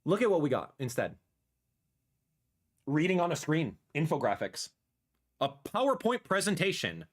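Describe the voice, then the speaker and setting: A man in his thirties reacting live on a stream, excitable and animated, repeating himself as he talks, sometimes dropping to a soft murmur. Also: fairly high pitch, normal speed, pauses often. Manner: drops to a soft murmur when talking to his cat. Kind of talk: livestream reaction commentary.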